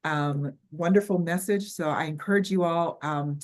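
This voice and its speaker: Low-voiced older Southern woman hosting. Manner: chatty, halting, with frequent ums and restarts. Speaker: webinar host. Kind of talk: online workshop wrap-up.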